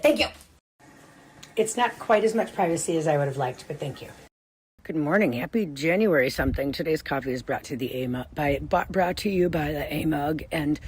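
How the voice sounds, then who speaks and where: A woman's voice: low voice, lively intonation, brisk, a little mellow, husky. A middle-aged woman hosting her own vlog in a casual, rambling, chatty way, often interrupting herself. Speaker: vlog host. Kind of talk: casual chat.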